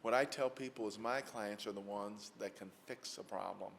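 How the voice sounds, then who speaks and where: A man's voice: on the low side, normal speed, gravelly, fairly bright tone, slight background noise. A man from Mississippi, a lawyer giving a lecture, telling stories in a folksy way with many fillers. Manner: folksy, anecdotal, frequent fillers. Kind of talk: storytelling lecture answer. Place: lecture hall with audience.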